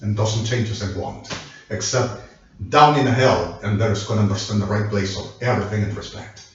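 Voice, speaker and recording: A man's voice: fairly low pitch, brisk, slight background noise. A man in a rambling monologue, switching languages and apologizing again and again. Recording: echoey, distant, dull lo-fi.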